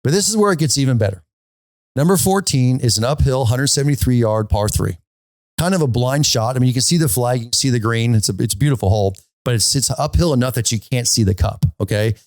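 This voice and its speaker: A man's voice: mid-range voice, fast, no echo. A man hosting a golf podcast, telling a story casually and animatedly, often stopping to ask "okay?". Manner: animated, repeats himself, often asks "okay?".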